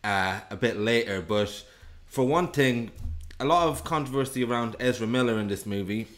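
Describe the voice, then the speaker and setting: A man's voice: medium pitch, moderate pace. A man co-hosting a casual film review show, rambling and joking at his own expense. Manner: rambling, self-deprecating, jokey. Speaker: podcast co-host.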